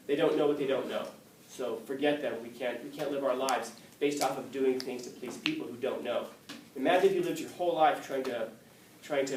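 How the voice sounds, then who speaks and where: A man teaching a class, telling a story in a lively way and acting out the quotes, often restarting his sentences. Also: mid-range voice, a little hiss or hum. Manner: animated storytelling, acts out quotes, frequent restarts. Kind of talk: classroom lecture. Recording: echoey classroom from far off.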